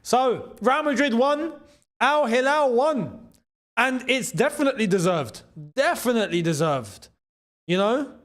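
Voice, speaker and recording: A man with a high voice for a man hosts a live football watchalong on a streaming mic. He is excitable and loose, repeats his phrases and breaks into laughter between calls. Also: unhurried. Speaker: host.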